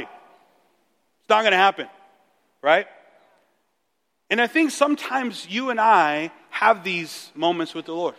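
Male pastor, lively sermon delivery, acts out the dialogue, high voice, church hall with long reverb. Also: a little slow, creaky. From Mexico. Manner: animated preaching, acting out dialogue.

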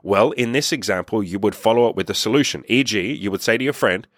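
A blunt young man talks straight into a dry, close microphone with no room sound, pushing his points hard and swearing casually. His voice sits fairly low, and the delivery is an emphatic podcast monologue. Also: fast talker, fairly bright tone, no room sound. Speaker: podcast host. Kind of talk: motivational monologue.

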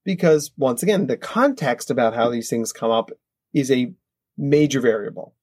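A man in his thirties, a psychologist guest, explaining in an animated, conversational way and often checking in with "right?". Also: medium pitch, moderate pace. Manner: animated, acts out kids' voices, frequent "right?".

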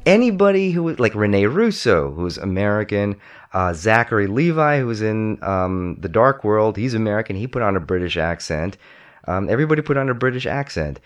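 A man hosting a casual movie discussion, talking in an animated way and putting on voices when he quotes. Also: fairly low pitch, fairly quick.

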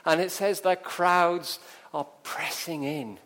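A man's voice: a little high, steady tone, slow pace, fairly bright tone. A man preaching a sermon, telling a story with drama and acting out the scenes.

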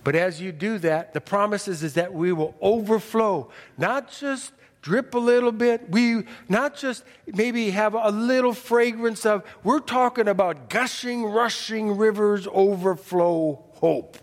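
A man preaching a sermon as pastor, folksy and animated, dropping from loud emphasis to hushed intensity. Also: high voice, unhurried, few pauses, in a large hall. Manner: folksy, humorous asides.

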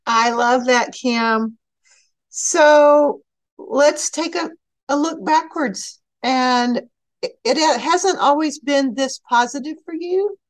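High-voiced Texan woman podcast host. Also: slow pace, no echo. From Texas. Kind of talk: podcast interview. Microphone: remote call.

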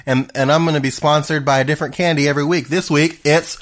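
A man's voice: fairly high pitch, steady tone, fast. A man co-hosting a casual podcast who riffs on goofy bits and swears freely. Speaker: podcast co-host.

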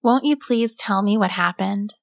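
A woman playing a gentle, soothing mother. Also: medium pitch, moderate pace, no echo, clean studio sound, close to an everyday voice. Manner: soft and soothing. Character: gentle, caring farm mother.

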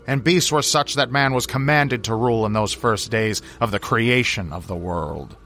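A man narrating a horror story with dramatic, drawn-out phrasing. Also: mid-range voice, a bit bright. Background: faint music.

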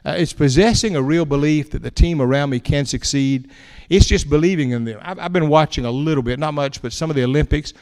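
A man's voice: on the high side, a little fast. A man, preaching in a folksy, anecdotal way to an audience. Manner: folksy and animated, tells anecdotes with chuckles and repeated words. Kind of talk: folksy storytelling talk to an audience. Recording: long hall reverb.

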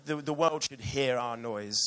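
A man's voice: medium pitch, measured pace. A man preaching a sermon earnestly and with emotion, reading passages aloud to his church.

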